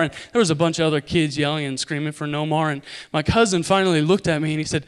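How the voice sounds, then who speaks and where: A young man from Idaho preaching a sermon, telling a story with animated, loud impressions. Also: fairly high pitch, a little fast, hardly any pauses, clean tone.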